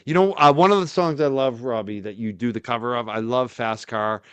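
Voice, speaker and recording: Man, podcast host, middle pitch, dry close sound, encouraging interjections. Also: brisk, fairly bright tone, smooth, no room sound. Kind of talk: casual podcast chat.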